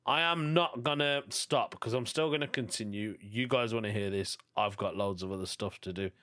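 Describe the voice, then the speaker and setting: Reading listener stories aloud for his comedy podcast, this Birmingham-accented host from England keeps a casual monologue going and chuckles often. He speaks at normal speed in a fairly low, slightly bright voice.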